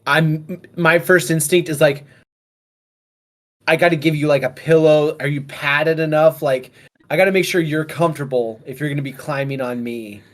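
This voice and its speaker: A man's voice: fairly high pitch, fairly even intonation, moderate pace, natural voice. A man voicing a caring male adventurer who earnestly fusses over a companion's comfort. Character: big caring male adventurer, fussy host.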